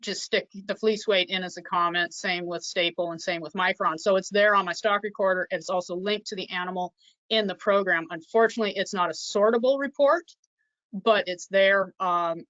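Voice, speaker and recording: A woman on a sheep producers' panel speaking haltingly with frequent ums over a video call. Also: on the low side, a bit bright, no room sound. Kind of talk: casual panel talk. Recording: dull, dry video call audio.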